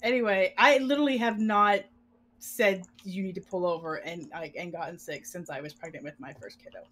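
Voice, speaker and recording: A middle-aged woman telling a long, animated story in casual chat, laughing and acting out what people said. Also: fairly low pitch, brisk. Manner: animated, laughing, acts out quotes. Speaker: podcast co-host.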